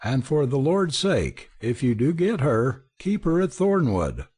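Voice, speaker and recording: A man voicing a gruff, impatient middle-aged country landowner. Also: mid-range voice, very animated, unhurried, darkish tone. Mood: irritated. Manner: blustering, impatient.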